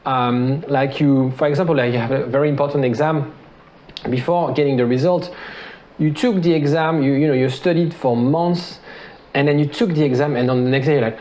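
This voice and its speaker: A man's voice: medium pitch, a little fast, darkish tone. A man giving relationship advice to camera in a loose, chatty way, with many fillers and restarts and light laughs between points. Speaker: relationship coach. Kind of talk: casual advice monologue to camera.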